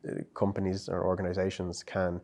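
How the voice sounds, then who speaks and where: Deep-voiced Irish man. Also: monotone, brisk, vocal fry, darkish tone. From Ireland. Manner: thoughtful, with frequent repetitions and restarts. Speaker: psychologist and psychotherapist guest. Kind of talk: conversational interview.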